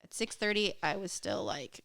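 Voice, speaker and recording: A woman's voice: medium pitch, sing-song, normal speed, a bit bright, no echo, clean studio sound. A woman co-hosting a podcast, chiming in with laid-back remarks during casual chat. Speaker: podcast co-host.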